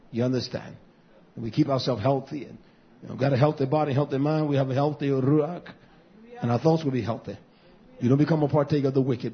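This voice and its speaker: A man's voice: fairly high pitch, breathy edge, dull audio. A man who is a pastor, preaching a sermon to a congregation and a live stream, hammering his points home by repeating key words.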